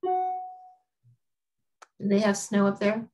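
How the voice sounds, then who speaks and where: A woman's voice: medium pitch, animated, drawn-out words, a little mellow, soft background music. A woman chatting on a video call with club members. She asks friendly, curious questions. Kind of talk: casual chat on a video call.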